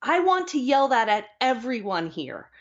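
A woman's voice: on the high side, very animated, moderate pace, dull audio. A woman from California co-hosting a podcast, chatting casually with many "like"s and an exasperated manner. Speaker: podcast co-host. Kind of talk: casual chat.

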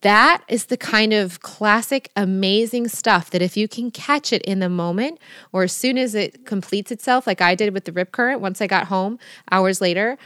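Expressive woman podcast host, dry sound. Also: mid-range voice, moderate pace, clear, resonant tone, no room sound. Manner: animated storytelling, expressive and emphatic. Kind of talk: casual conversational interview.

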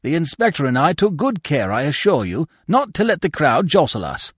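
A man's voice: a little high, sing-song, moderate pace, husky, no echo, studio quality, voice pushed up. Man doing a moaning robbed husband. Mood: assured. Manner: moaning, stammering. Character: bewildered, despairing robbed husband.

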